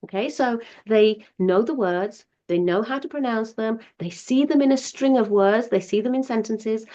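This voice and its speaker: A woman's voice: a little high, animated, moderate pace, mellow, muffled recording. A woman teacher explaining to parents step by step, patient and talking casually to the camera, with examples. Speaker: teacher giving parents advice.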